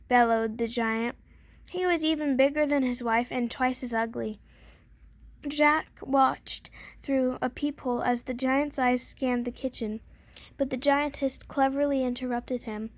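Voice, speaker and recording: A woman reads a fairy tale aloud in a gentle storybook way, with small slips here and there. Her voice sits high. The recording is close and dry. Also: unhurried, no echo.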